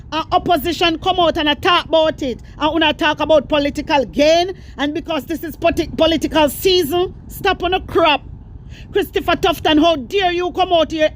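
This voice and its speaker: Jamaican woman, high-pitched, heated scolding commentary, faint street noise behind. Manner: fiery, repetitive, scolding, addresses viewers directly. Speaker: political commentary vlogger. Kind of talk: impassioned political commentary.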